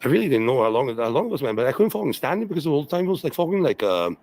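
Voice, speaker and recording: Over a low-quality recording, a man rants in a replayed livestream clip, his mid-range, darkish voice sing-song and very fast. The rant is rambling and profane, repeating itself with many fillers and "okay" after "okay."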